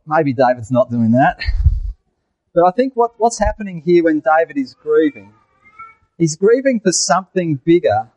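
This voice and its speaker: Man preaching a lively sermon. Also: high-pitched, dry recording, low-quality recording. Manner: asks the congregation questions, tells jokes. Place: church.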